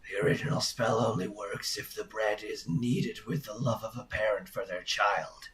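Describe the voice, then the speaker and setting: A man voicing a gruff, sardonic character in a quiet, low and dry voice, reading game dialogue. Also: moderate pace, slight background noise, lightly acted. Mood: grim.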